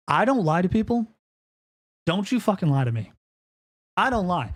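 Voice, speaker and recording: A man on a live stream in full rant mode, cursing freely and repeating himself as he stumbles over his own words. His pitch swoops widely, jumping from shouted peaks down to low, muttered grumbles. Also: sing-song, moderate pace, pauses often. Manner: profane, heated, swings between yelling and low grumbling. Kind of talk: ranting live-stream monologue.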